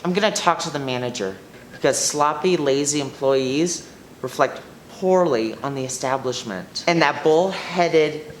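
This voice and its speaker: A young woman plays an entitled newcomer who rants indignantly about a coffee order. Her voice sits low. There is faint hiss behind her. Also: measured pace. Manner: indignant ranting. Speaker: new group member. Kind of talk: student sketch comedy acting.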